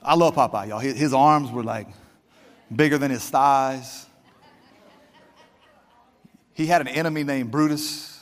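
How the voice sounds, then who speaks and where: A man's voice: mid-range voice, measured pace, long pauses, big-room sound. A male pastor preaching a fervent, conversational sermon straight to his congregation.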